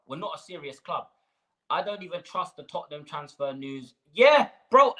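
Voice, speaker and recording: A man's voice: high voice, bright, forceful tone, low-quality recording. A man hosting a live fan stream, ranting with rhetorical questions and slang. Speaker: fan channel host.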